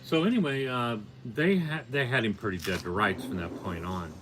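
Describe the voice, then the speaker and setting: A man's voice: mid-range voice, normal speed, noisy background. An older man telling a long story in a casual, plainspoken, matter-of-fact way. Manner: plainspoken, matter-of-fact, building to animated peaks. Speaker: podcast guest, storyteller.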